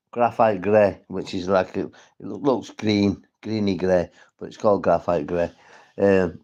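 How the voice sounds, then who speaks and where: Gravelly low-voiced northwest English man. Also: darkish tone, highs cut off. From St Helens, England. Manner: rambling, sweary, talks straight to viewers. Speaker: livestreamer. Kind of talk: casual livestream chat.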